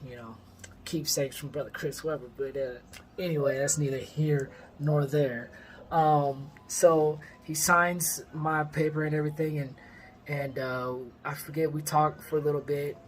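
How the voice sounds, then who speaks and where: A man's voice: a little high, a little hiss or hum. Rambling storyteller man from California. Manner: rambling, heavy on fillers, lively when quoting others. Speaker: vlogger. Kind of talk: casual personal storytelling.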